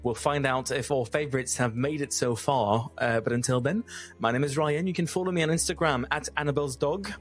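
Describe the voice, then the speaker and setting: A man with a mid-pitched voice hosting a casual podcast, guiding the talk and keeping segments moving. Faint music plays underneath him. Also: brisk. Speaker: podcast host.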